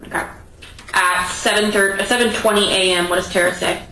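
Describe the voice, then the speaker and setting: A woman attorney questioning a witness in court with brisk, direct questions. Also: medium pitch, steady tone, pushed and bright, slight background noise. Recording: echoey room, voice picked up from a distance.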